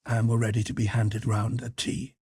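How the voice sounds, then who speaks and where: A man narrates literary fiction for an audiobook in an even, measured way. His voice sits mid-range with a husky, breathy grain. The recording is dry, with no room sound. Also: mid-range voice, no room sound. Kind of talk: scripted narration.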